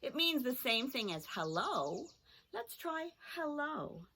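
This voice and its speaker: A woman teaching a children's phonics lesson, sounding out words slowly and carefully. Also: high-pitched, very animated, pushed and bright, a little hiss or hum. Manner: slow, drawn-out sounding out of words.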